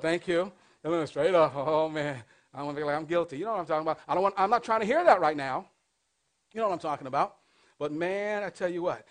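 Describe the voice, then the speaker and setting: A man preaches to a congregation, reading scripture slowly and loudly and having the listeners repeat his phrases. His voice sits somewhat high for a man. He swings between emphatic loud bursts and soft, quiet asides. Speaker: pastor. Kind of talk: sermon. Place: church before a congregation.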